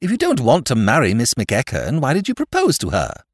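Male reader doing a sardonic young gent, higher than his own voice, lively and theatrical. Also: no room sound, studio quality. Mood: indignant. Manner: bantering, theatrical, quick. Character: brash, mocking young English gentleman.

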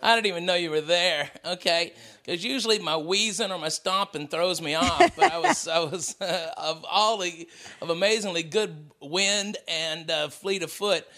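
A Southern US man with a high, bright voice swears his way through a jokey podcast rant. He talks loosely and crudely, firing off insults between laughs. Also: lively intonation, a little slow. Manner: profane, ranting, jokey. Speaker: podcast co-host. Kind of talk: casual comedic chat.

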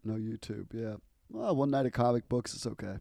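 A man in easygoing conversation, his voice mellow and a little dark. He rambles through stories with plenty of fillers and false starts. The sound is close and dry. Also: fairly low pitch, steady tone, fairly quick, gravelly, no room sound. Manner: rambling storyteller with frequent fillers and restarts. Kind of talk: casual chat.

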